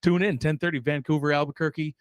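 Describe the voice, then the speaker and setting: A man's voice: fairly high pitch, fairly even intonation, fast talker, clean tone, no room sound, studio quality. A man hosting a sports show in a loose, rambling way, full of fillers and self-deprecating asides. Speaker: show host. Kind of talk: casual sports show chat.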